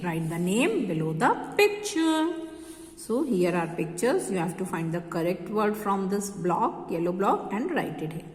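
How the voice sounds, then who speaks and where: Woman, kindergarten teacher, slow stretched vowels, long reverb. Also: mid-range voice. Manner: slow, drawn-out word repetition, stretching vowels. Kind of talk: phonics lesson for young children. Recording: echoey room with long reverb.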